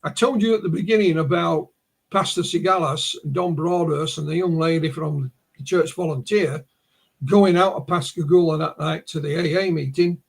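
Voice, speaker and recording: A man's voice: on the high side, moderate pace, vocal fry, breathy edge. A man with a northern English accent, a guest on a podcast interview, recounting a case as a story and often restarting his words. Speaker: guest researcher.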